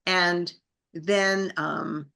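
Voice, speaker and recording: A woman's voice: fairly low pitch, fairly even intonation, very slow, gravelly, bright, forceful tone. A middle-aged woman, a singer and actress, telling her story in an interview with an enthusiastic, grateful manner.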